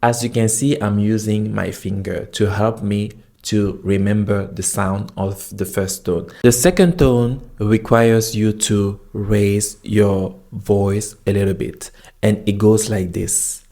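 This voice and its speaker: A man who learned Chinese as a foreign language, teaching its tones in a slow, demonstrative video lesson. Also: lowish voice, steady tone, vocal fry, warm tone. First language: not Chinese; learned Chinese as a foreign language. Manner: slow, demonstrative, drawing out tone examples.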